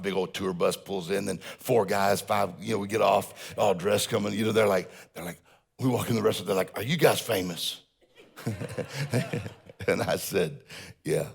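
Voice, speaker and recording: Gravelly-voiced man telling stories on stage. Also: fairly low pitch. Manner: storytelling, jokes with audience. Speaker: motivational speaker. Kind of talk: humorous seminar talk.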